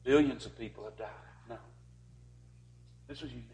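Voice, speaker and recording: A man preaching a sermon to a congregation, rising to forceful peaks and dropping to quiet, earnest pleas. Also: medium pitch, fairly quick.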